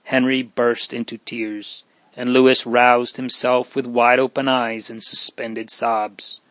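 A man reading a story aloud in a measured way, softening on sad passages. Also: medium pitch, level tone, no echo, low-quality recording. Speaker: narrator. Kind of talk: audiobook narration.

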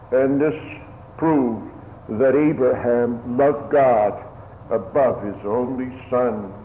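Male preacher, slow solemn pulpit delivery, tinny radio sound with a long hall echo. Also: mid-range voice, a little hiss or hum. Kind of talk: sermon. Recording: phone-like radio broadcast in a reverberant hall.

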